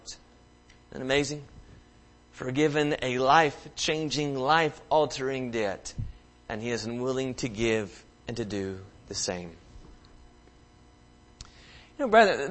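A male pastor preaching a sermon, swinging between loud, emphatic lines and quiet, low asides, and acting out the voices in the scripture stories he retells.

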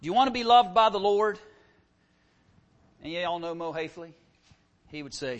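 High-voiced man preaching with passion. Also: normal speed, pauses often. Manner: impassioned preaching with rhetorical questions. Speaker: pastor. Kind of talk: sermon.

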